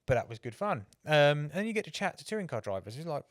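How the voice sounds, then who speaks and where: A man's voice: on the high side, sing-song, fast talker, dry recording, clean studio sound. A man, co-hosting a motorsport podcast in casual chat, telling rambling anecdotes and swearing freely. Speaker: podcast co-host.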